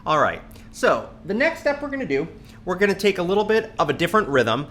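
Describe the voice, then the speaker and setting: A man teaching a drum lesson, patiently counting sixteenth notes aloud and stressing slow, accurate practice. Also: slight background noise. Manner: patient, repeats counts in a low steady voice. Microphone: studio mic on a stand near the kit.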